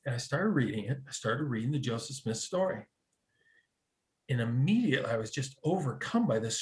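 A man telling a personal story in a casual, animated way, acting out quoted dialogue, with frequent restarts. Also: mid-range voice. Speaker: guest telling a conversion story.

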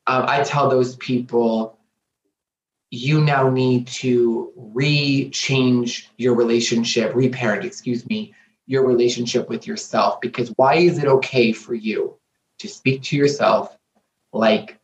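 A man's voice: mid-range voice, slow, slight background noise. Earnest guy talking about his life, repeats stuff for emphasis, kinda echoey and muffled. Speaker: guest. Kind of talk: candid interview talk. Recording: roomy, dull lo-fi sound.

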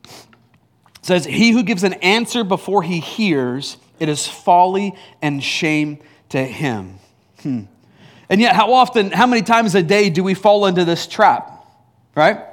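A man's voice: high voice, lively intonation, a little slow. A man preaching a conversational sermon, casual and teasing, with many fillers, restarts and chuckling asides. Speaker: pastor.

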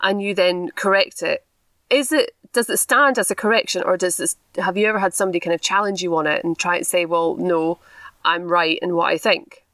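Bright, playful woman co-host. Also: on the low side, steady tone, no room sound. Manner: playful, teasing, quick to laugh. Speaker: podcast co-host asking questions. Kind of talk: casual podcast chat.

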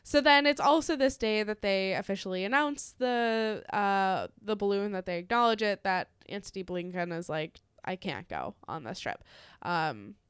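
A woman co-hosting a casual podcast, talking through the news in a loose, chatty way and swearing freely. Her voice is smooth and clear. The recording is dry and close, with no room sound. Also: mid-range voice, moderate pace, hardly any pauses, no echo. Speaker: podcast co-host.

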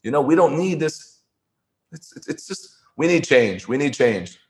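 A former poker player appears as an interview guest, telling stories conversationally in a fairly high voice with lively intonation and a measured pace. He is earnest and tends to repeat words and restart his sentences.

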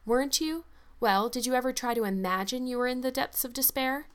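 A woman's voice: high voice, fairly quick, pitched above the performer's own voice, close to an everyday voice. Woman doing a gushing, dreamy orphan girl. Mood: eager. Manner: gushing, eager and dramatic. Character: talkative, dreamy orphan girl about eleven.

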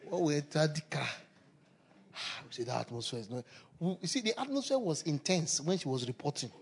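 A man preaching a sermon, animated and repetitive, often breaking into laughter. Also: on the high side, a little fast, gravelly. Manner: animated, laughing, repeats phrases.

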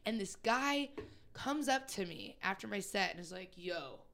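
Bright-voiced woman telling a story. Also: medium pitch, measured pace, creaky, a little hiss or hum. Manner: animated, swearing, laughing through the story. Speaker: podcast co-host, comedian. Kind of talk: casual storytelling chat.

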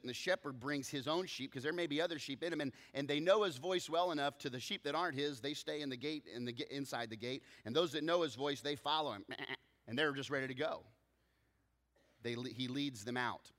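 A man preaching a sermon as pastor, telling stories with lively swings between loud bursts and soft low asides. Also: long reverb tail.

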